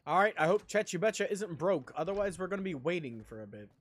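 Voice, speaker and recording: A man's voice: high voice, big pitch swings, fast talker. A man streaming a game live, rambling casually and talking with his chat in a self-deprecating way.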